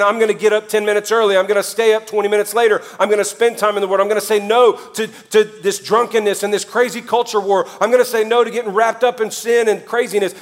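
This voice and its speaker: A male pastor preaching a sermon, animated, with sudden drops to quiet and jokey asides in put-on voices. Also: high voice.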